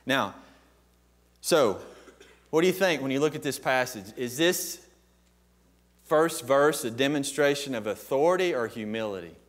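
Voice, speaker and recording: A man's voice: mid-range voice, animated, unhurried, pauses often. A man preaching a sermon as pastor, emphatic and posing questions to the congregation.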